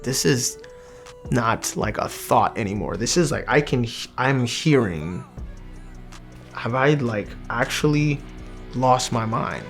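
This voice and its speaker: A young man telling his personal faith testimony in an earnest, halting way, often restarting his sentences. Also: mid-range voice, expressive, gravelly, faint music behind. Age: young adult. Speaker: testimony speaker.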